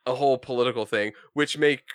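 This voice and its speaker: A man's voice: mid-range voice, fast, clean tone, no room sound, studio quality. A man co-hosting a casual podcast chat, blunt and sarcastic. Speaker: podcast co-host.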